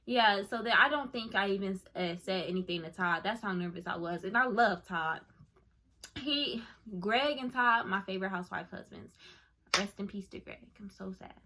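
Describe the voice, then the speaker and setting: A woman's voice: medium pitch, moderate pace, a little hiss or hum. A young woman gushing as she tells a casual story to her viewers, full of "like" and "oh my goodness". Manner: excitable, gushing, lots of fillers like "like" and "oh my goodness". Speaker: YouTuber telling a story. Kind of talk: casual story time to camera.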